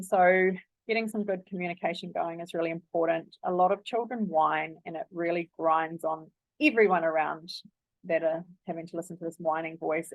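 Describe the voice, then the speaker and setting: A woman's voice: on the low side, dry recording. A woman giving parenting advice in a casual, earnest way, with frequent ums and likes. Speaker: parenting coach. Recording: dry, phone-like narrow sound.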